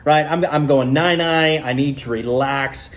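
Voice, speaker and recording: A man's voice: a little high, normal speed, lightly acted. A man voicing an exhausted young man who wants to take a nap, in a drowsy, offhand way. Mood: weary.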